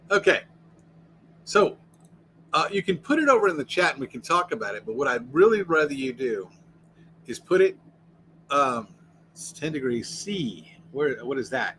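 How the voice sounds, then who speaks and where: Man, from the US, mid-pitched voice, casual rambling livestream host, reads out chat, recorded inside an RV. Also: big pitch swings, unhurried, long pauses, sharp tone, slight background noise, rough recording. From United States.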